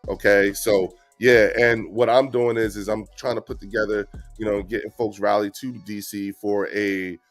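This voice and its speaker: Man, blunt and animated guest, faint music underneath. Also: lowish voice, moderate pace, few pauses, dry recording. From New Jersey. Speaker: guest speaker. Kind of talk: casual activist talk.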